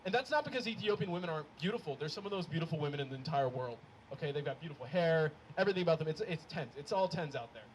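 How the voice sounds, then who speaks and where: A young man performing a stand-up comedy set, telling stories in an animated way and laughing at his own jokes. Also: a little high, rapid-fire, few pauses, a little hiss or hum, poor audio. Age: young adult. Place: comedy show with a live audience.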